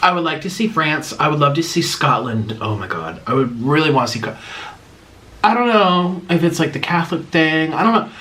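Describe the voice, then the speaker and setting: A man's voice: fairly high pitch, big pitch swings, a little fast, pushed and bright. A man vlogger eating on camera and rambling emotionally through fan questions in casual chat.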